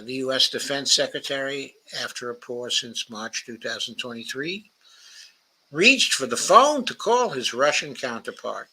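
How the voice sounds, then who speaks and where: A man's voice: mid-range voice, bright, forceful tone, poor audio. A man hosting a podcast, reading a political analysis aloud, marking each quotation with "quote" and "unquote," with frequent uh and um fillers. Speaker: podcast host.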